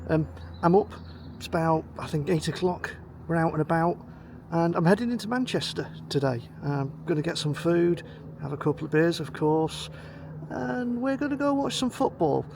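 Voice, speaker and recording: A man's voice: fairly high pitch, animated, normal speed, vocal fry, a little mellow, a little hiss or hum. A man vlogging while out and about, chatting casually about a football trip and thinking aloud with ums, recorded on a handheld camera mic outdoors. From North West England. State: a bit out of breath while walking. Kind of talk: casual vlog chat. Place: outdoors, walking to a station.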